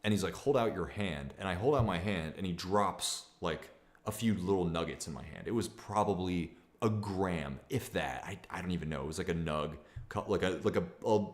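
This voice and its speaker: Low-voiced young man talking candidly. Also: brisk. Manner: rambling, candid, many restarts and fillers; reads viewer comments aloud. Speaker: streamer. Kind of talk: casual livestream talk.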